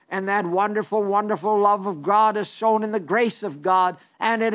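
An older man preaching a sermon, earnest and emphatic, slowing down to stress key phrases. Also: sits high, a bit bright.

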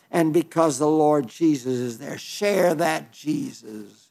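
Gravelly-voiced man preaching a sermon. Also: on the high side, a little mellow. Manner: earnest, with halting restarts and emphatic quoting.

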